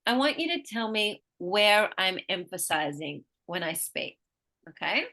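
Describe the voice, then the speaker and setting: A woman with a bright, forward voice runs a one-on-one pronunciation lesson. She stretches out example words slowly and clearly so her student can copy them, then goes back to explaining at an easy, patient pace. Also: medium pitch, animated. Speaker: pronunciation teacher.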